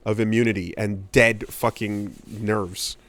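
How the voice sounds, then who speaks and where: A man's voice: fairly low pitch, level tone, unhurried, fairly bright tone. A young adult man co-hosting a podcast in casual chat, dry and blunt, swearing freely. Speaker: podcast co-host. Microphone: studio podcast mic.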